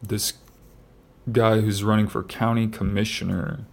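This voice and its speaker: A man co-hosting a casual podcast, reading out news stories in a halting way with many fillers and restarts. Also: on the low side, level tone, a little mellow, slight background noise. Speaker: podcast co-host.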